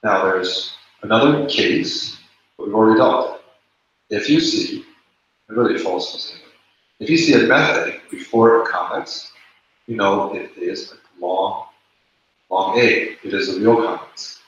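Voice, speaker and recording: A man's voice: on the low side, unhurried, a bit bright, slight background noise. A man teaching a classroom lesson, explaining rules step by step and repeating the key points. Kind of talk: classroom lecture. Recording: echoey room, dull lo-fi sound.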